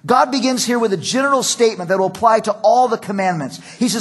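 A man's voice: high-pitched, fast talker, hardly any pauses, breathy edge. A middle-aged male pastor preaching a sermon in a conversational, storytelling way. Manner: conversational, storytelling with acted quotes.

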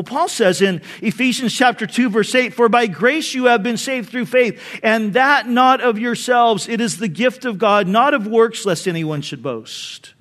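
A male pastor preaching a sermon, telling a personal story earnestly and dropping soft and low for memories.

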